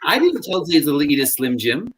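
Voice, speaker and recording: A man co-hosting a casual podcast chat, telling stories in an animated, mock-exasperated way. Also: fairly high pitch, normal speed, a little hiss or hum. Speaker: podcast co-host.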